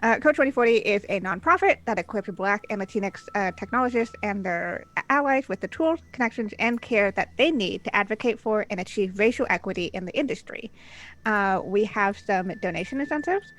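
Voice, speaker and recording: A woman's voice: medium pitch, expressive, a little fast, a bit bright. A woman game master opening a tabletop role-play stream, upbeat and chatty, with many filler sounds. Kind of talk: stream intro and announcements.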